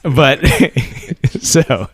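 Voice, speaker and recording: A man in his thirties co-hosting a podcast, telling animated stories, swearing freely and acting out quotes. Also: mid-range voice, extremely slow, breathy edge, no echo, clean studio sound. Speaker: podcast co-host. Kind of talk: casual chat.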